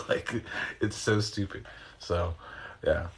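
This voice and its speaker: A man with a low voice talks to his viewers in a loose, wandering way, full of slang and the odd curse word. He answers chat questions and talks them through breathing exercises, recorded on a phone. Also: drawn-out words, slight background noise. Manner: rambling, loose and slangy, with mild swearing. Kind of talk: casual livestream chat and guided breathing instruction.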